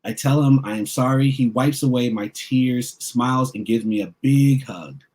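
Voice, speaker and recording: Man, children's author, reading aloud, expressive first-person narration. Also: mid-range voice, moderate pace. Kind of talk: reading a picture book aloud.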